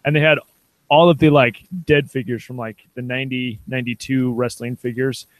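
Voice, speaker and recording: A man in his thirties chats on a podcast, rambling and laughing at himself. His voice sits at a medium pitch, and the recording is dry and close with no room sound. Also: steady tone, normal speed, no echo, rough recording. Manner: rambling, laughing, self-deprecating. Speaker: podcast co-host. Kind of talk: casual chat.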